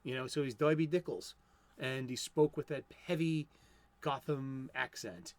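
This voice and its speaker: A man's voice: medium pitch, measured pace, no room sound. A man in his fifties from Boston with a Boston accent, talking about comics in a casual, rambling solo monologue full of restarts. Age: 50s. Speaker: comics vlogger.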